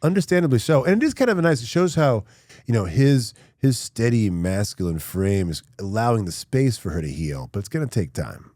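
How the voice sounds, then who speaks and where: A man's voice: lowish voice, sing-song, a little fast, a little mellow, no echo. A man co-hosting a podcast, chatting casually with wry, agreeable comments. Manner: wry, agreeable, dry jokes. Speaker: podcast co-host. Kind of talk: casual chat recapping dramas.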